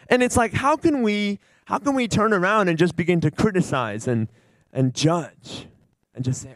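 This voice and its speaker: An earnest man shares a testimony with a church gathering, animated and rambling, often restarting his sentences. His voice is high for a man. The sound is dry and close, with no room echo. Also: moderate pace. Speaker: church member giving a testimony. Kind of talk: informal sermon sharing.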